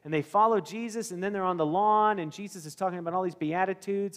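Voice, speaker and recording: Preaching at a quick pace with few pauses, a high-voiced male pastor fills a church sanctuary, his voice trailing off in long reverb. He keeps it conversational, questioning the congregation and acting out scenes.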